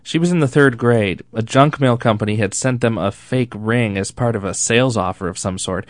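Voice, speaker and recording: A reporter narrates a radio feature in an unhurried, deliberate voice. The sound is close and dry, with a mid-range pitch. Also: dry recording. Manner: slow, calm, deliberate narration.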